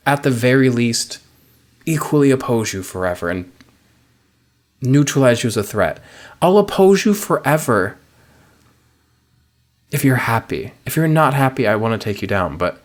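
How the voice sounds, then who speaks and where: A man casually commenting on a video game, rambling with crude jokes. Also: medium pitch. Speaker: let's player. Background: game music.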